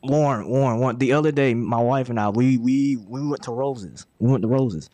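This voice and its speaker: A man's voice: mid-range voice, moderate pace, warm tone, no room sound. A man hosting a podcast in casual chat, often stammering and repeating words. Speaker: podcast host.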